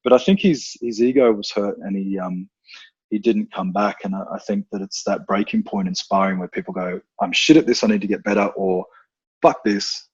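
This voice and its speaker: Man, podcast guest, husky low voice, blunt and profane, slightly dull lo-fi audio. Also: normal speed, no room sound. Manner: blunt and profane, animated storytelling. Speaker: podcast guest, combat instructor. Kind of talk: casual podcast conversation.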